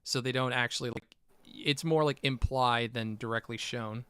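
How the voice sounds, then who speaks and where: Bright, crisp-voiced young man hosting. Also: mid-range voice, steady tone, moderate pace, dry recording, clean studio sound. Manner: rambling, many fillers, acts out quotes. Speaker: podcast host. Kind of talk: casual film chat.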